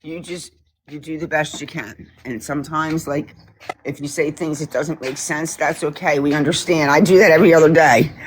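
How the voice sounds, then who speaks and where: A woman joining a livestream remotely, talking in a soothing, reassuring way to comfort a friend. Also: sits low. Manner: soothing, reassuring, steady talker. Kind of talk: casual supportive chat. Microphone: joined remotely on the stream.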